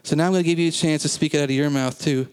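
A man preaching a sermon as pastor, talking earnestly and conversationally, then leading slow, deliberate confessions for the congregation to repeat. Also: on the high side, fairly even intonation, a little mellow, clean tone. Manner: leads slow call-and-response confessions.

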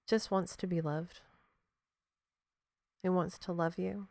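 A woman's voice: fairly low pitch, steady tone, a little slow, vocal fry, a little mellow, no echo, clean studio sound. A woman hosting a podcast in a casual, reflective monologue. She speaks frankly, swears freely, laughs often and talks straight to the listener. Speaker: podcast host.

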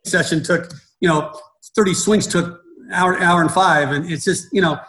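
A middle-aged man, a baseball coach, talks through his ideas in an interview. His voice sits a little high for a man, and he keeps restarting and repeating words as he goes. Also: moderate pace, a bit bright, low-quality recording. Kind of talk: conversational interview.

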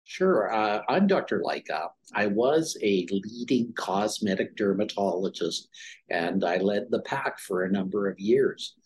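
A man's voice: lowish voice, animated, measured pace, breathy edge. A middle-aged man, a former dermatologist, telling his story as an interview guest and acting out the dialogue in it. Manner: anecdotal, acts out quoted dialogue.

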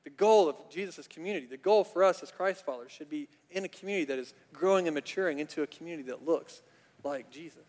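A male pastor preaches in a lively conversational way, filled with casual fillers. His voice is high for a man, and a long reverb from the church auditorium trails each phrase. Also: fast talker. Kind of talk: sermon. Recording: long reverb of a large hall.

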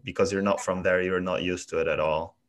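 A man with a somewhat low voice hosts a relaxed conversation. He asks curious questions and often stops and restarts his sentences. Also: a crowd in the background. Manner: curious interviewer, halting restarts. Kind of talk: casual chat.

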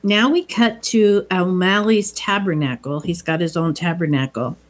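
A woman's voice: on the low side, moderate pace. A middle-aged woman in casual chat, recapping a film in a conversational, tentative way. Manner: conversational, tentative, checks details.

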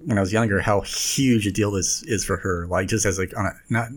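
A man with a fairly low voice chats casually with a co-host. He rambles through his points and laughs often. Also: steady tone, fairly quick. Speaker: podcast co-host. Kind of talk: casual chat.

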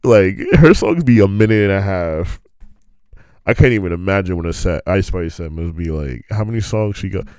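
A man's voice: low voice, expressive, moderate pace, a little mellow, clean tone, no echo. A man telling stories in a loose, rambling monologue, laughing often and restarting his sentences.

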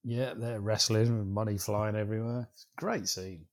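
A man's voice: fairly low pitch, fairly even intonation, normal speed. A man co-hosting a film podcast, trading wry, laid-back banter with his co-host. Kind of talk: casual chat.

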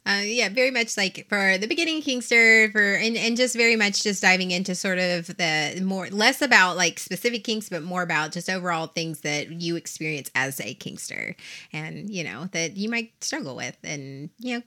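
A woman's voice: lowish voice, expressive, normal speed, sharp tone. A woman co-hosting a casual podcast chat, giggly and talkative with many filler words. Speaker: podcast co-host.

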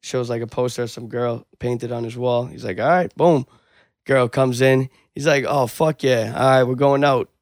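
A man's voice: medium pitch, normal speed, no echo, clean studio sound. A man retelling a story in casual chat, acting out the dialogue with lots of swearing. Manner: animated storyteller, acts out dialogue, swears a lot.

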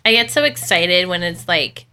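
A young woman co-hosts a casual podcast with a lower-pitched but bright, forward voice. She talks in a laid-back, agreeable way, trading stories about work with her friend. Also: lively intonation, normal speed. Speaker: podcast co-host, dog groomer. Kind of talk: casual chat.

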